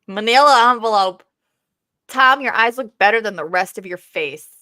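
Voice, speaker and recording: A woman's voice: mid-range voice, animated, moderate pace, sharp tone. A woman co-hosting a casual livestream, chatty, laughing and swearing easily. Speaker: co-host of a livestream.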